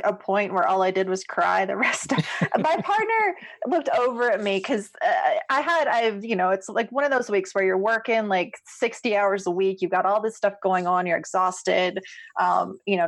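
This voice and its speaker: A woman hosting a casual podcast chat, gushing and quick to laugh. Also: medium pitch, dry recording. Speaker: podcast host.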